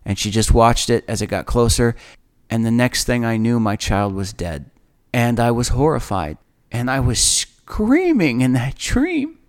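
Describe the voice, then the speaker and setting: A man's voice: medium pitch, sing-song. Earnest man telling a personal story. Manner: earnest, halting, with repeated phrases. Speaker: storyteller recounting a dream. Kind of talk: emotional first-person storytelling.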